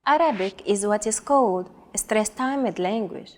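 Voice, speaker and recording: A woman co-hosting a scripted language lesson, enunciating words slowly and carefully for learners to repeat. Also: medium pitch, darkish tone, big-room sound. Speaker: co-host and pronunciation model.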